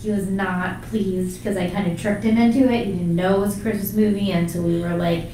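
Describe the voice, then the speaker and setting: A woman's voice: mid-range voice, fairly even intonation, brisk, warm tone. A woman co-hosting a casual radio show, chatty and jokey, laughing often. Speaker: podcast co-host. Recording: echoey room, mic at a distance, faint noise.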